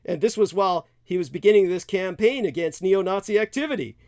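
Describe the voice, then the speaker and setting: A man hosting a call-in talk show, rambling and halting with many restarts. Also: high voice, expressive, darkish tone, no room sound, clean studio sound. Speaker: podcast host. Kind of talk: casual call-in chat.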